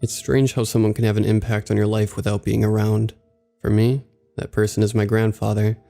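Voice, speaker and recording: Gravelly low-voiced male horror narrator. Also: level tone, fairly quick, dark tone. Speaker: story narrator. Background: faint background music.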